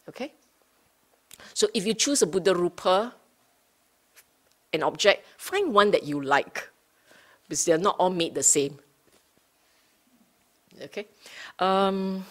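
Slow, low-voiced woman giving a Dhamma talk. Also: animated. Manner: unhurried, often checks in with listeners; rephrases and repeats points for emphasis. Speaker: Buddhist Dhamma teacher. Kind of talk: Dhamma talk to a study group.

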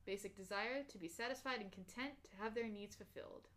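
A woman's voice: medium pitch, fairly quick, fairly bright tone. A young woman co-hosting a podcast, chatting casually and reading personality test results aloud. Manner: reads aloud with fillers and restarts, laughs easily. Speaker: podcast co-host.

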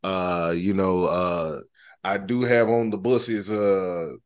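A man's voice: deep voice, fairly even intonation, slow pace, clear, resonant tone. A man co-hosting a podcast, talking in a drawling, folksy way with stammered restarts. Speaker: podcast co-host. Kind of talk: casual chat.

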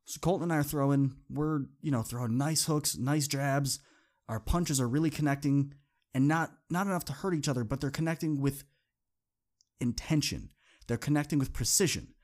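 A man's voice: a little high, moderate pace, a little mellow. A man hosting a motivational podcast, telling a personal story in an earnest, conversational way and repeating phrases for emphasis. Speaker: podcast host.

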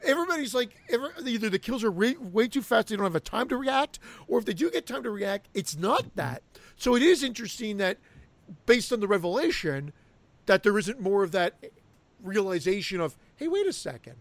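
A man co-hosting a podcast, talking in an animated, lively way in a casual movie review chat. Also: high voice, fairly quick, dry recording. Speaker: podcast co-host. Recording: dry close mic.

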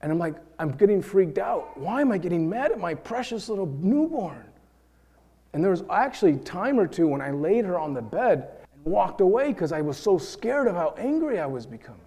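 A man's voice: high-pitched, big pitch swings, moderate pace, warm tone, breathy edge. A man in his thirties preaching a sermon in an earnest way, building to emotional peaks. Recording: long hall reverb.

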